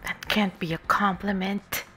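Giggly bright-voiced woman streamer. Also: medium pitch, fairly even intonation, measured pace. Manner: giggly, chatty, reads game lines aloud. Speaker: VTuber streamer. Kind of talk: casual game stream chat. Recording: faint music underneath. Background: soft game music.

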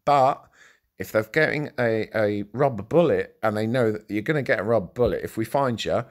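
A man's voice: lowish voice, moderate pace. A man, reading a news article aloud and cutting in with sarcastic asides in a casual reaction vlog. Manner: sarcastic, reads text aloud and interjects. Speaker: commentary vlogger.

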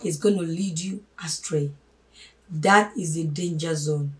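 A woman giving a spoken sermon, emphatic, swinging from loud stresses to hushed asides and calling listeners her brothers and sisters. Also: sits low, a little slow. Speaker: religious teacher. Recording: voice a little distant from the mic.

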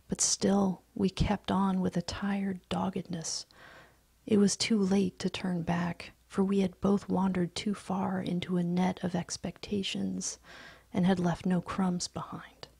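Whispering gravelly woman reading a story. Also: on the low side, level tone, dry recording. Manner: soft, slow, often whispered.

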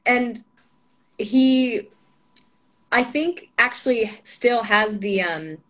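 A woman's voice: on the high side, very slow, a bit bright. A young woman telling stories as a guest in a casual interview, chatty and full of fillers, laughing often. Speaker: actress being interviewed.

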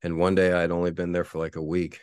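A man's voice: sits low, monotone, fast talker, a little mellow, smooth, no echo, clean studio sound. A man in his forties, a podcast host, telling a rambling, profane story with frequent laughter. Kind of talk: casual storytelling.

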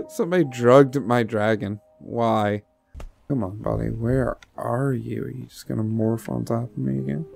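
A man's voice: medium pitch, slow pace, vocal fry, darkish tone, soft background music. A man streaming a game, giving live commentary, laughing often and talking to the character on screen and to his viewers.

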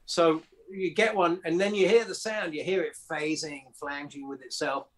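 Guy telling old studio stories, kinda high voice, lots of um and you know. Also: fairly even intonation, moderate pace. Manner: anecdotal, acts out quotes, many fillers and restarts. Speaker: record producer guest. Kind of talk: casual interview storytelling.

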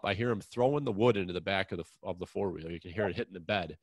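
A man's voice: low voice, very fast, no echo. A man hosting an outdoors podcast, telling a long hunting story in a frank, rambling way with mild swearing. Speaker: podcast host. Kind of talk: casual chat, long personal anecdote.

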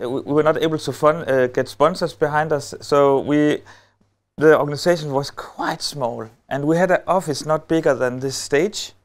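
A middle-aged Danish man speaking on a stage at a conference, telling a story with wry humor and many halting filler sounds. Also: on the high side. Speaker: lecturer. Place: on a stage before an audience.

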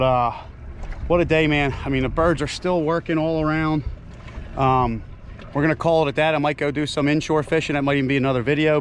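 A man filming his own fishing trip from a kayak, talking excitedly to viewers and out of breath from fighting fish. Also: a little high, a little hiss or hum. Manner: excited, exclaiming, talks to viewers while reeling. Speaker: fishing vlogger. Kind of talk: casual fishing vlog narration. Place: open water on a kayak.

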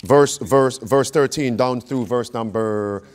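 A man's voice: mid-range voice, slow pace. A man preaching an interactive Bible study, quizzing his audience and repeating key phrases for emphasis. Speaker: preacher teaching a Bible class.

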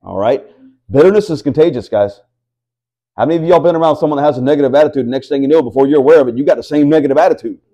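A man's voice: on the high side, racing, warm tone. A man preaching a sermon to a house church, reading scripture aloud and asking the listeners rhetorical questions. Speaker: pastor.

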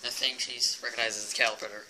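A man's voice: medium pitch, little pitch movement, fast talker, heavy background noise. A young man hosting a homemade toy show, goofy and rambling as he chats to his plush characters. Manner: goofy, rambling, talks to toys. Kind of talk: playful homemade video hosting. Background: loud music.

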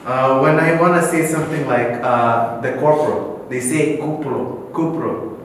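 A man's voice: mid-range voice, normal speed. Kenyan man talking in an echoey hall. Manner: animated, explains with many restarts. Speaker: host. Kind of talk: casual chat. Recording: roomy echo, distant mic, faint noise.

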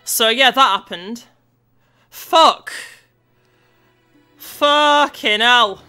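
High, bright sweary woman gamer. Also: drawn-out words, smooth, soft background music. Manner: sweary, shouty and frustrated. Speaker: gameplay commentator. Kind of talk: let's-play commentary.

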